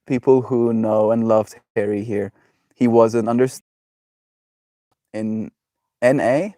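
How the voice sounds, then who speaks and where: A man's voice: mid-range voice, steady tone, slow, long pauses, a little mellow, no room sound, clean studio sound. A man live-streaming from home, chatting casually with viewers in a rambling way, full of fillers and frequent laughter. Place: at home with pets.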